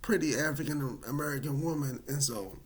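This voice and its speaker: A man casually telling a personal story, animated and dramatic, with many fillers. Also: on the high side, fairly quick.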